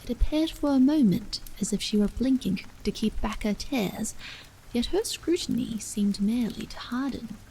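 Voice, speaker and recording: A woman reading a bedtime horror story aloud as whispered role-play, hushed and unhurried. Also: a little high, expressive, a little hiss or hum, low-quality recording. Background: rain.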